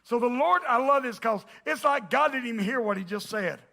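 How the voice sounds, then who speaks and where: A pastor preaches in a church with a very high, bright voice and a gravelly rasp at the edges. He teases his congregation and then bursts into emphatic shouting. It is a man's voice, delivering a full sermon. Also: animated, brisk. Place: church sanctuary.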